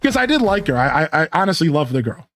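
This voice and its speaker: A man's voice: fairly high pitch, very animated, quick pace, a bit bright, faint music behind. A man in his thirties, a live streamer chatting casually while playing a game and telling rambling, candid stories full of restarts. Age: 30s. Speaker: live streamer and show host.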